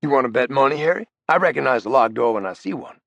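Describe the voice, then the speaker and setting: A man voicing a brash, profane, big ex-criminal in an audiobook, loud and needling, his pitch jumping up. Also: animated, quick pace, gravelly, dry recording, lo-fi sound. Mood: mocking. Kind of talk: audiobook character voice.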